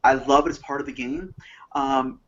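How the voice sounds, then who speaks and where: A man, a panelist on a call, telling stories with excited enthusiasm. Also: mid-range voice, moderate pace, highs cut off. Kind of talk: casual panel talk over a call.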